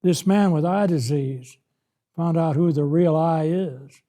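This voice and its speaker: A man with a high, mellow voice preaching slowly and emphatically through a Bible lesson. He leans hard on key words and swells louder when giving voice to the scripture. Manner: slow, emphatic, rises loud when voicing God.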